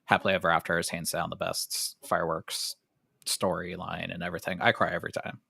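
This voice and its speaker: A man's voice: sits low, little pitch movement, a little fast, gravelly, sharp tone, slightly rough, no echo, clean studio sound. A man who plans vacations, chatting as a guest with enthusiasm and restarting his sentences. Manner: enthusiastic, sentimental, stammers on starts. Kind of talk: casual podcast chat.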